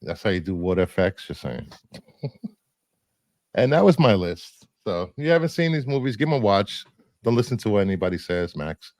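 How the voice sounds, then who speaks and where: A man's voice: lowish voice, big pitch swings, normal speed, a little mellow, dry recording. A man co-hosting a casual chat, rambling through his film picks with fillers and the odd laugh. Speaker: co-host presenting film picks.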